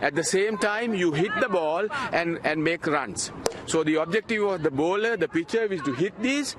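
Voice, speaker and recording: A man's voice: sits high, moderate pace, crowd noise. A man who organizes a youth cricket program, explaining the game on live TV at an outdoor cricket ground in earnest, repeating his points. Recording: outdoor traffic noise behind.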